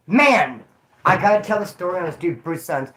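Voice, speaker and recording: A man from California hosting his own channel, chatting casually in rambling street slang with loud shout-outs to viewers. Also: high voice, animated, moderate pace. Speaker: YouTube channel host. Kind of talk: casual livestream chat.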